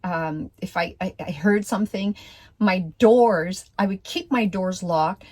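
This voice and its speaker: A woman's voice: mid-range voice, a little mellow. A woman casually telling a personal story, hesitant, with many fillers and restarts. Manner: slow, deliberate delivery.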